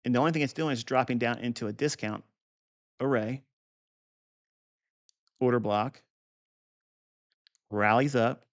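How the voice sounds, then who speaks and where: A man's voice: mid-range voice, unhurried, long pauses. A man teaching trading setups off a chart in an unscripted, blunt and profane way, with boastful asides. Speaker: trading educator.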